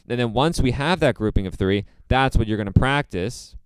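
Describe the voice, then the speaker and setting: A man teaching drums, explaining a practice method step by step in a relaxed way, with many fillers. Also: mid-range voice, normal speed, smooth, dry recording. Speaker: drum teacher. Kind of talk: casual instructional talk.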